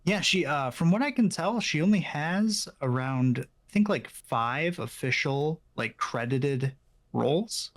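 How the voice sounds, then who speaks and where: A man in casual podcast chat, explaining his views in a measured way with many fillers. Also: on the high side, animated. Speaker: podcast co-host.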